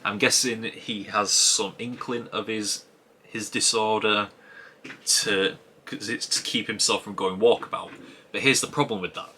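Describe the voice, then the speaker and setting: Low, bright-voiced man musing aloud. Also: steady tone, unhurried, slight background noise. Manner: musing aloud, rambling with frequent restarts. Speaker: TV episode reviewer. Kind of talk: casual spoken episode review.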